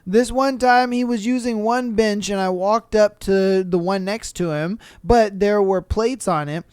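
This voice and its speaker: A young man hosts a solo podcast, reading out gym stories and reacting with casual, profane exasperation. His voice is smooth and clear. It sits close on the mic with no room sound. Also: sits high, unhurried, a little mellow, no room sound. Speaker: podcast host.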